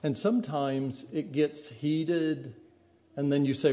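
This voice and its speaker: A man's voice: fairly high pitch, steady tone, takes it slowly, mellow. A man preaching a sermon in a conversational way, acting out the quoted voices of the people he describes. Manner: conversational, acts out quoted speech.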